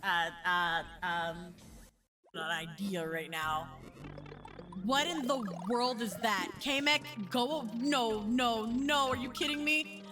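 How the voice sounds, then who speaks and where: A woman streaming a game, excitable and swearing, with loud outbursts and giggles, saying she is high. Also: slow pace, over music. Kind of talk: casual gameplay streaming.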